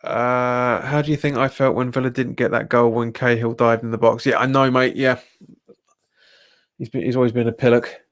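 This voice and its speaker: A young Englishman with a Cockney-tinged accent streams a football match live, talking over the action and reading out viewer comments. His voice sits at an ordinary middle pitch, and it jumps sharply upward whenever a refereeing call annoys him. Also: level tone, normal speed. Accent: Cockney-tinged London English. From England. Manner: exasperated, jumps up in pitch at bad calls, chats with viewers. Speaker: football fan livestreamer.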